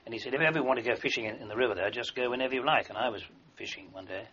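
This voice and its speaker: A man's voice: medium pitch, very fast, sharp tone. An older man, an army veteran, telling long wartime anecdotes in a rambling way with fillers and restarts, in a dull lo-fi recording. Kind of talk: oral history recollection.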